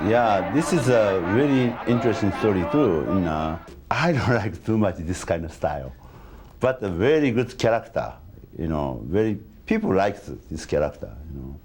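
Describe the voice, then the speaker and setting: A man with a low voice giving a relaxed, casual comment, his pitch swinging freely. A faint ambient noise sits underneath. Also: normal speed. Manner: relaxed, uses filler "you know".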